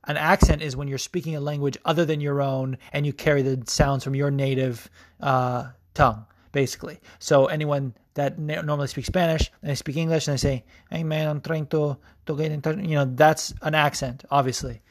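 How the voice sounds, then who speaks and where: A man's voice: a little high, steady tone, brisk. Rambling podcast guy, casual swearing. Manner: rambling, frequent ums and restarts, swears casually. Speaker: podcast host. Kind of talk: casual commentary on sports news.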